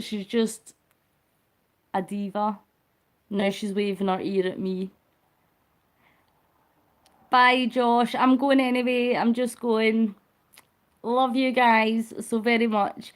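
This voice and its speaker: A woman chatting affectionately with viewers on a charity live stream, laughing often. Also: fairly high pitch. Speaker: vlogger livestreaming a charity cycle.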